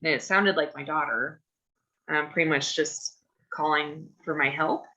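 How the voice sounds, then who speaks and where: Low-voiced woman playing a tabletop game. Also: unhurried, bright, forceful tone, dull audio. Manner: rambling, chatty with filler words. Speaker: player. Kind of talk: in-character tabletop game talk.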